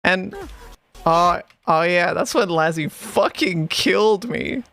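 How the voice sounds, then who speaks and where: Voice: mid-range voice, takes it slowly, a bit bright, no echo, faint music behind. A streamer in casual chat, swearing often and laughing between sentences while rewatching an old stream.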